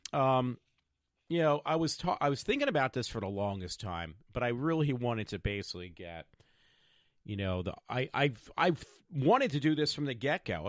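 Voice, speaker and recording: A man's voice: on the low side, no room sound, studio quality. A man in his fifties talking in a meandering, stop-start way with many fillers, hosting his own podcast. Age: 50s. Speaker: podcast host. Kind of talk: rambling personal vlog.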